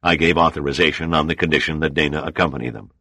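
A man's voice: a bass voice, fast talker, bright, forceful tone, no room sound, exaggerated voice. A man voicing an older admiral in an audiobook, commanding but kindly. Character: gruff older male admiral, fatherly.

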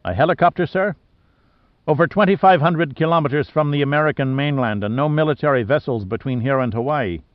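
Storybook: male reader voicing a jittery junior officer, polite and raised in pitch, on muffled dry audio. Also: brisk, no room sound, lightly acted. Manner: deferential, pleading. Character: young male second officer, polite and anxious.

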